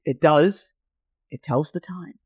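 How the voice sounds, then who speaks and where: A woman co-hosting a casual podcast chat, enthusiastic and rambling, quick to agree. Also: sits low, darkish tone, slightly rough. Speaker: podcast co-host.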